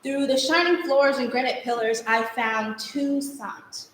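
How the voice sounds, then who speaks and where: Speaking a little slowly in a voice that sits high, a young woman acts out a stage monologue as a spirited girl recalling her younger years with vivid, rhythmic storytelling. The stage actor was recorded live in an echoey space with slight background noise.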